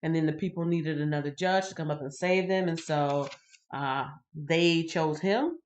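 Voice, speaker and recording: A woman reading the Bible on a livestream and chatting with viewers in a casual, animated way. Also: low-pitched, moderate pace. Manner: chatty, addresses viewers directly; animated, laughs and greets viewers. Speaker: livestream host.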